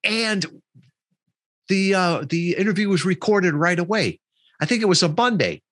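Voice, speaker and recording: A man's voice: high voice, normal speed, no room sound. A middle-aged man, a podcast guest, telling a story in a casual interview and quoting the people in it. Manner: animated storyteller, quotes people in his story.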